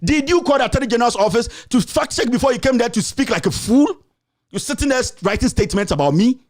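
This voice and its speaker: A man's voice: very high-pitched, animated, fast talker. A man with a Ghanaian accent hosting his own show, delivering an angry, scolding political rant full of repeated insults. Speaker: political commentator and show host.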